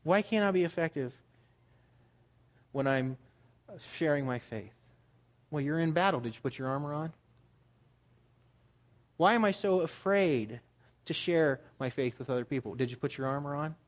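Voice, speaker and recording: A man's voice: a little high, normal speed, long pauses. A man preaching as a pastor, in a conversational style that builds to emphatic urging. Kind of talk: sermon.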